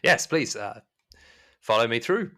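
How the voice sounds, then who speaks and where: A man's voice: mid-range voice, expressive, unhurried, sharp tone. A man voicing an older male house servant who speaks courteously and hesitantly.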